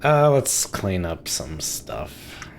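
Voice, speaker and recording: A streamer with a very deep voice chats his way through a naval game, laughing often and muttering to himself. Faint music plays under his talk. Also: huge pitch swings, drawn-out words, gravelly. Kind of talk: casual gameplay commentary.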